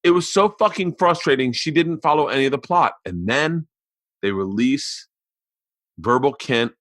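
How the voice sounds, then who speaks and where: Forties male podcast host, mid-pitch, rambling profane storyteller, dry close mic. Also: expressive, normal speed, fairly bright tone, dry recording. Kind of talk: casual storytelling monologue. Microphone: studio podcast mic.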